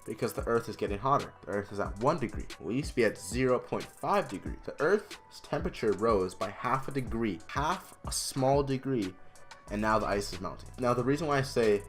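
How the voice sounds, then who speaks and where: A man's voice: mid-range voice, expressive, fairly quick, faint music behind. A teenage boy in a casual explainer vlog, chatty and emphatic, with restarts and side remarks. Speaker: student presenter.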